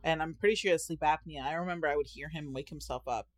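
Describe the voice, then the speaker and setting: A woman's voice: deep voice, fast talker, no room sound. A young woman co-hosting a podcast, chatting casually and acting out stories with frequent laughter. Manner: animated storyteller, laughs often, acts out voices. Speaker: podcast co-host. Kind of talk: casual chat.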